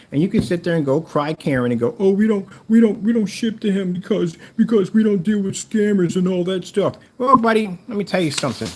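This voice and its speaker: A man's voice: on the high side, a little hiss or hum. A man delivering a mocking, repetitive callout rant against a rival seller. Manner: taunting, mocking, repeats himself. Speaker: YouTuber calling out a rival seller.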